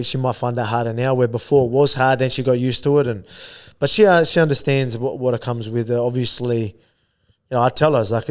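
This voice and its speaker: Medium in pitch with a clean tone, this Australian man speaks as a guest athlete in an interview. He rambles casually, padding pauses with "you know what I mean".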